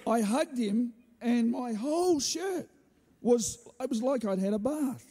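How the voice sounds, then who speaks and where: A man preaching a sermon, telling a story with animated delivery and joking asides. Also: very high-pitched, a little slow, slightly rough. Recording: hall reverb.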